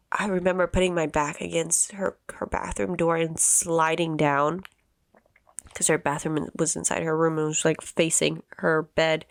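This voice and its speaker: A woman in her thirties, a podcast host telling a personal story in an emotional, halting way with many restarts. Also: deep voice, gravelly, dry recording, studio quality. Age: 30s.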